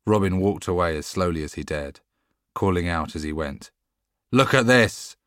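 A man narrating an audiobook in a measured, steady storytelling manner. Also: low-pitched, smooth, no echo, studio quality. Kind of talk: scripted narration.

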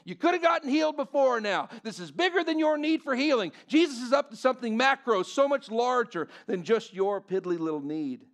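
A man's voice: very high-pitched, lively intonation, brisk, few pauses, fairly bright tone, heavily acted. A man voicing impatient, scolding parade leaders. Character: dismissive male parade leaders.

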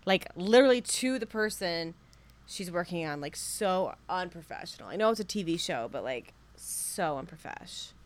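Woman co-host, casual recap, low voice with wide swings, chatty and expressive. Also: normal speed, no echo. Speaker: podcast co-host.

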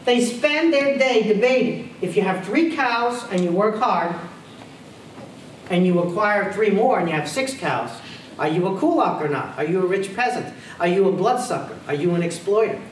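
A man's voice: high voice, lively intonation, normal speed, a little hiss or hum. A man giving a university history lecture, emphatic, firing off rhetorical questions and repeating his key phrases. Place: lecture hall. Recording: roomy hall audio picked up from a distance.

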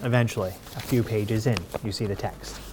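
A man, a university patent counsel, giving a clear and methodical lecture, reading passages aloud and asking the audience rhetorical questions. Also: on the low side, steady tone, a little fast, background noise.

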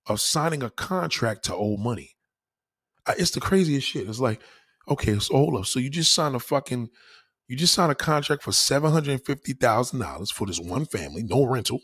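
A man's voice: mid-range voice, husky. A man with a New York accent delivering a heated, profane, preachy rant.

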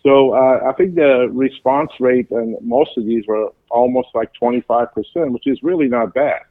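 A man talking as a guest in an interview, explaining at length with halting speech, frequent fillers and restarts. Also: mid-range voice, no echo. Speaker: pharmacy business guest. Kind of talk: casual interview chat. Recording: tinny phone line.

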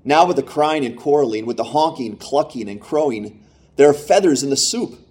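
A man's voice: mid-range voice, lively intonation, normal speed, darkish tone, lightly acted. A man reading a storybook aloud and voicing a poor, desperate peasant man who pleads and exclaims for help. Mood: desperate pleading.

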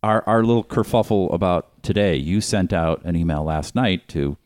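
A podcast co-host who grumbles and rants about his pet peeves. His voice is very deep. The sound is dry and close to the mic. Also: normal speed, a little mellow, no room sound. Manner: cranky, ranting complaints. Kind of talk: casual podcast chat.

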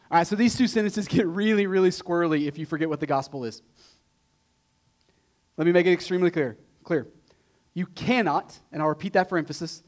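A man's voice: high voice, normal speed, long pauses. A male pastor preaching a sermon in a conversational way, tossing out rhetorical questions and repeating key points for emphasis. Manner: emphatic repetition.

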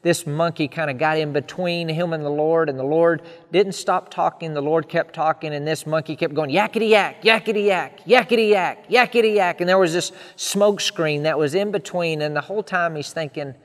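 A man's voice: fairly high pitch, steady tone, normal speed, few pauses, in a large hall. A man preaching a sermon in an earnest style, building emphatic repeated lists.

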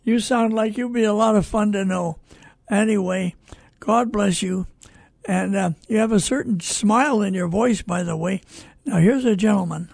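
An older man hosting a Christian radio program, reading listener calls with slow, preacherly asides. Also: sits high, creaky, darkish tone, breathy edge, no echo. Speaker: radio host and network founder. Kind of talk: folksy radio commentary.

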